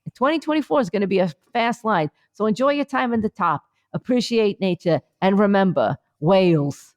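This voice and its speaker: A woman's voice: mid-range voice, expressive, fairly quick, darkish tone. A woman co-hosting a comedy podcast remotely, rambling through a mock-earnest mindfulness bit with many fillers. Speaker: podcast co-host. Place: remote, on vacation.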